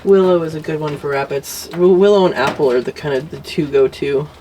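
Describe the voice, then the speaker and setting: A homesteading vlogger with a low-pitched, mellow voice, speaking a little fast, gives a casual walkthrough of her outdoor yard, garden and animals, chatting and talking sweetly to her pets. The recording is rough, with some hiss or hum.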